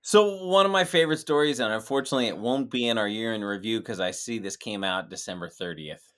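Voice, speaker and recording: A man's voice: fairly low pitch, fast, fairly bright tone. A man co-hosting a crude comedy podcast, wry and mocking. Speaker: podcast co-host.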